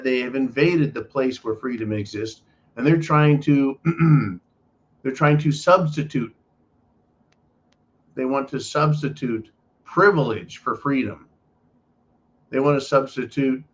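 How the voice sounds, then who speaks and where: Guy ranting on his politics show, emphatic, swears a lot, kinda muffled lo-fi sound. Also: mid-range voice. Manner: emphatic, profane, repetitive. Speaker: political commentary host. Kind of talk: ranting monologue.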